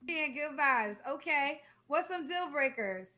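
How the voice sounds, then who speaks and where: A woman hosting a dating show, asking quick and teasing questions. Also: high-pitched, lively intonation, pushed and bright. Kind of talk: casual interviewing.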